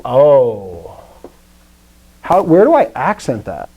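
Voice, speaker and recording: A man's voice: mid-range voice, wildly swooping pitch, slow, muffled recording. A middle-aged man teaching a classroom language lesson, explaining rules step by step with jokey asides. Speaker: Greek teacher. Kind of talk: classroom lecture.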